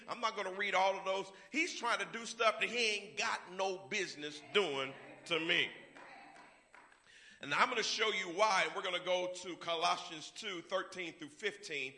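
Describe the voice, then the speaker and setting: Bright-voiced preaching man. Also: high voice, normal speed. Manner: call-and-response preaching, rising to loud emphatic declarations. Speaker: pastor. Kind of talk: sermon.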